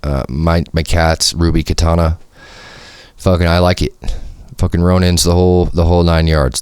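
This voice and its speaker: A man with a low, deep voice talks through a solo podcast in a loose, rambling way. He peppers his talk with slang, swearing and "you feel me". The sound is close and dry, with no room around it. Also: darkish tone, smooth, dry recording. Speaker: podcast host. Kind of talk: casual solo podcast monologue. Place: home studio.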